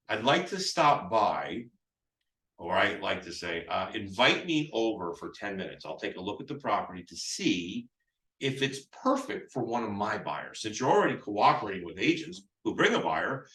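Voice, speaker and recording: A sales trainer with a lowish, pushed, bright voice walks real estate agents through phone scripts live. His delivery rambles with many restarts as he plays both roles, voicing the seller as well. The room echoes and the mic sits at a distance.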